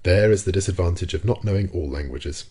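A man doing a calm, unruffled manservant. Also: low-pitched, husky. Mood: philosophical. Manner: unruffled, measured and soft. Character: calm philosophical male manservant. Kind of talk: audiobook character voice.

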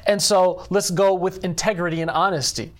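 A man who directs a church ministry, speaking earnestly in an interview about faith, measured and leaning on "you know.". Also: sits high, fairly even intonation.

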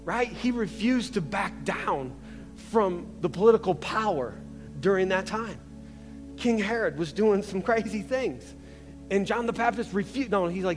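A man's voice: high voice, unhurried. A young male pastor preaching a casual, conversational sermon, full of restarts and asides, in a large church. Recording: reverberant church hall with faint music.

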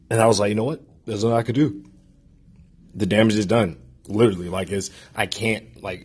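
A man's voice: low voice, husky. A young man hosting his own audio log, talking casually and loosely with lots of filler words about keeping a positive attitude. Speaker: podcast host.

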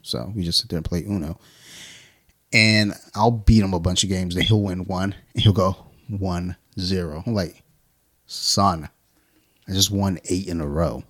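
A man's voice: deep voice, moderate pace, long pauses, fairly bright tone. A man co-hosting a beer podcast, telling stories in casual profane chat and acting out quoted lines. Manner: profane, storytelling with mimicked quotes. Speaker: podcast co-host. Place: home studio.

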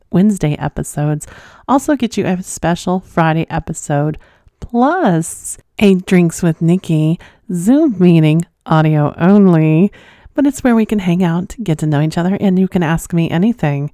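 A woman's voice: lowish voice, mellow, dry recording, clean studio sound. A woman hosting her own podcast from home, chatting casually and frankly, playful and laughing often. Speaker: podcast host reading listener confessions. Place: at home under blankets.

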